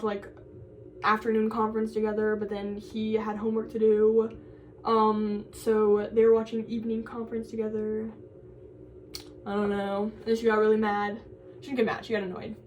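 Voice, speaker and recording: A woman's voice: on the high side, far from the mic, a little hiss or hum, rough recording. A young woman in college chatting casually for her vlog, rambling with lots of fillers and restarts. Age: young adult. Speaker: college vlogger.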